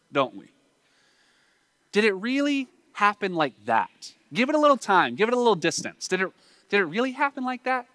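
Southern guy preaching, chatty, asks lots of rhetorical qs, kinda high bright voice. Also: no room sound. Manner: conversational, with rhetorical questions. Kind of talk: sermon.

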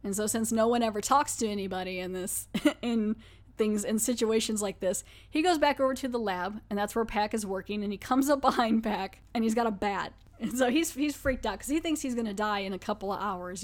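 A woman hosts a podcast, recapping an episode in a rambling, chatty way with frequent laughs. Her pitch sits in the middle range. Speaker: podcast host.

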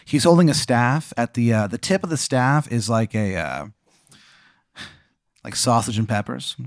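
Man, game master, mid pitch, rambling with fillers, dry close sound. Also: expressive, normal speed, dry recording. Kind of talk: improvised storytelling.

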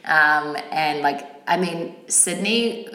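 A bubbly woman in her thirties with a New Zealand accent and a low voice for a woman, talking freely as a podcast guest. She laughs often. The room gives her voice a noticeable echo. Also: takes it slowly, pushed and bright. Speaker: guest, fitness trainer. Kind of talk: casual podcast chat.

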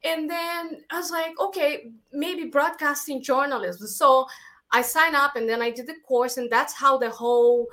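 A woman's voice: sits high, normal speed, fairly bright tone. A young woman with a Latin American accent, a filmmaker talking animatedly in an interview and peppering her speech with "like" and "you know". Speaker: filmmaker guest. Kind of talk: casual interview chat.

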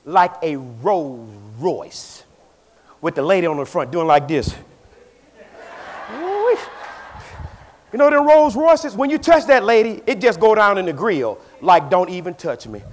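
A man preaching a sermon as pastor in a church, swinging between shouted lines and hushed asides. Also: sits high, big pitch swings, measured pace, pauses often.

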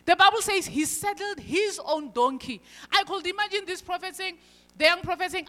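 A woman preaching a sermon, emphatic, moving between loud stressed lines and quiet asides. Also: very high-pitched, moderate pace. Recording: long hall reverb.

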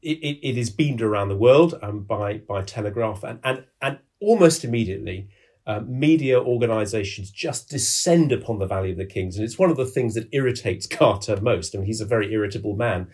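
A man with a husky voice, speaking as a historian guest on a podcast. He retells events vividly and with a sense of drama, restarting his phrases often. His voice sits fairly low. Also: lively intonation, brisk, darkish tone. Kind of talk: storytelling explanation in a podcast interview.

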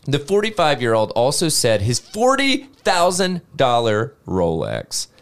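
A man hosts a casual podcast, reading out a news story and breaking off to joke and swear. His voice sits mid-range but leaps wildly in pitch as he talks. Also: measured pace. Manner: animated, swears casually, jokes while reading.

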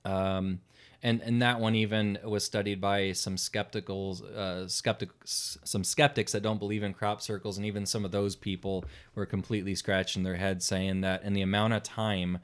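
A man chatting as a podcast host, telling stories in an animated way with frequent fillers. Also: on the low side, normal speed, clear, resonant tone. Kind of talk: casual chat.

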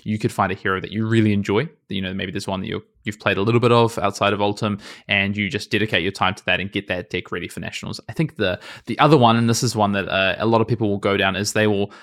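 A man's voice: lowish voice, steady tone, fast, hardly any pauses, fairly bright tone. A young man co-hosting a casual podcast, chatty and upbeat with lots of fillers. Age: young adult. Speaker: podcast co-host.

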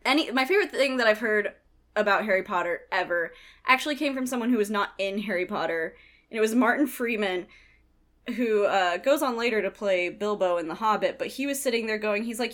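A woman's voice: fairly high pitch, lively intonation, fairly quick, a bit bright. A woman co-hosting a casual podcast chat, chatty and enthusiastic, with laughing asides. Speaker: podcast co-host.

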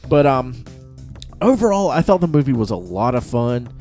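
A man's voice: medium pitch, big pitch swings, normal speed, dark tone, soft background music. A man co-hosting a casual podcast, chatty and playful, laughing often as he reviews a movie. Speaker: podcast co-host.

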